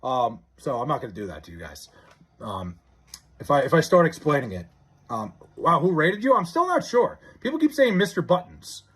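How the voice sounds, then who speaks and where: A young man live-streaming, chatting casually and reading out viewer comments, excitable and stammering with frequent restarts. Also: fairly high pitch, moderate pace, husky.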